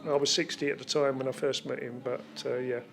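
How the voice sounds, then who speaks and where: A man's voice: medium pitch, level tone, fast, creaky, faint music behind. A man, telling a casual, rambling memory as a family friend. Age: 60s. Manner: chatty, rambling, jokey. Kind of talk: casual spoken tribute.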